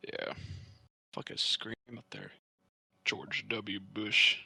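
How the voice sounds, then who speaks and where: A man's voice: fairly low pitch, flat delivery, takes it slowly, creaky, pushed and bright, husky, dry recording, poor audio. A man co-hosting a casual podcast, joking, teasing and laughing often over a home mic on a voice call. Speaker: podcast co-host.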